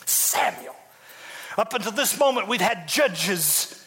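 A man's voice: high voice, animated, slow pace, pushed and bright, breathy edge, big-room sound. A man, a bishop, preaching a sermon in a folksy, dramatic storytelling way with joking asides to his congregation.

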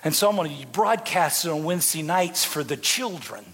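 A man's voice: fairly high pitch, animated, normal speed, a bit bright, big-room sound. A man, a bishop, preaching a sermon in a folksy, dramatic storytelling way with joking asides to his congregation.

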